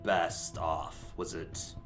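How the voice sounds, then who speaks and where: A man's voice: deep voice, flat delivery, very slow, a bit bright, faint music behind, full character voice. A man voicing a wary male city gate guard who questions travelers in a tabletop game. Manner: suspicious, questioning.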